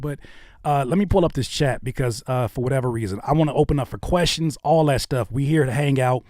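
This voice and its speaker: A man hosting a casual live stream, talking in an animated way that swings between loud outbursts and low muttering. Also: no room sound, clean studio sound. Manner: animated, quick shifts between shouting and muttering. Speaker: host of a live stream channel.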